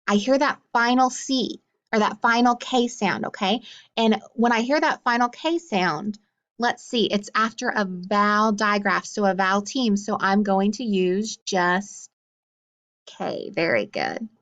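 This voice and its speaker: A woman teaching a phonics lesson in an upbeat, encouraging way, sounding out letters slowly. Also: medium pitch, fairly bright tone, lo-fi sound.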